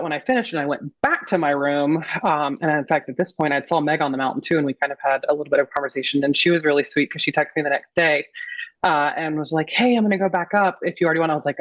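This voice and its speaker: A woman panelist telling a personal story in casual talk, animated and acting out what others said. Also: low voice, no echo. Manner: animated, acts out quotes of others. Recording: dull lo-fi audio.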